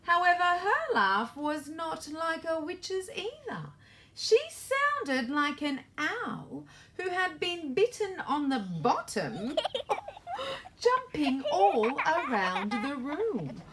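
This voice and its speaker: A woman's voice: high voice, big pitch swings, takes it slowly, a bit bright, slight background noise. A woman author reading her children's storybook aloud in a playful way and asking the young listeners questions.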